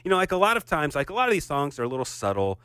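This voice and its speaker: A man's voice: fairly high pitch, big pitch swings, rapid-fire, pushed and bright, clean tone, dry recording. A man co-hosting a podcast, chatting casually and gushing with enthusiasm. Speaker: podcast co-host.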